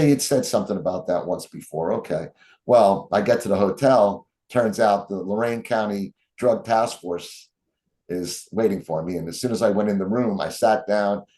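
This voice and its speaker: A man telling stories as an interview guest, acting out the quotes of the people in them. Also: fairly low pitch. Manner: animated storyteller, acts out quotes. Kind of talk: storytelling interview.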